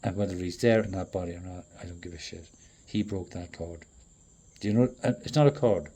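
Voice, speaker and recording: Husky guy with a lowish voice, swearing and rambling, loud then mumbly. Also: fairly quick. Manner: profane, rambling, swings between loud outbursts and muttering. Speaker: traveling performer. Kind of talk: rambling monologue.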